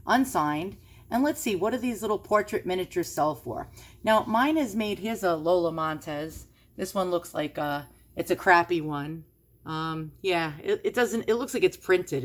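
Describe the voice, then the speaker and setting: Woman with a New York accent, slightly low voice, loose rambling vlog commentary full of asides. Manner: chatty, rambling, many fillers and asides. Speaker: antiques vlogger. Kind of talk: casual screen-share commentary.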